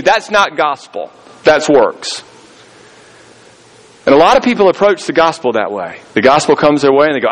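A man's voice: sits high, moderate pace, fairly bright tone, rough recording. Chatty preacher man. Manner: conversational storytelling preacher, acts out quoted voices. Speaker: pastor. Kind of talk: sermon.

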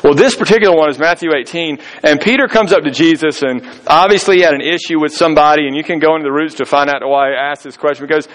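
A man's voice: on the high side, fast talker, few pauses, a bit bright, low-quality recording. A man preaching a sermon in a conversational storytelling way, acting out the voices of people he quotes. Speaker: pastor.

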